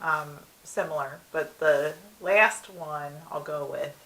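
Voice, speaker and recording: A woman co-hosts a casual review show, talking things through with easy light laughs. Her voice sits fairly low yet sounds bright and clear. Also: slow, rough recording. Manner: relaxed explaining, with light laughs. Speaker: podcast co-host. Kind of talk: casual episode review chat.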